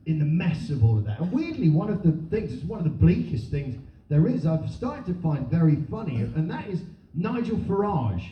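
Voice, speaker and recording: Sex: man. Origin: Britain. Role: stand-up comedian. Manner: sardonic, animated. Pitch: high. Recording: roomy, distant live venue. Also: normal speed, hardly any pauses, a little hiss or hum. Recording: roomy live venue miked from far, dull.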